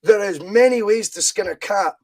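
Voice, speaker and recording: A Scottish man hosting a podcast, chatting about football in an animated, opinionated, emphatic way. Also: high-pitched, moderate pace. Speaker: podcast host. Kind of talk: casual football chat.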